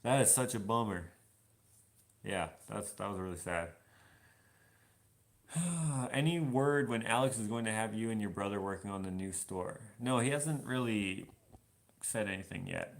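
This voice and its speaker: A young man with a low, gravelly voice chats loosely through a live Q&A. He reads viewer comments aloud and wanders off on tangents as he goes. He is washing dishes at home in his kitchen. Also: animated, unhurried, pauses often. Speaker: vlogger answering live questions. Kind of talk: casual live Q&A chat.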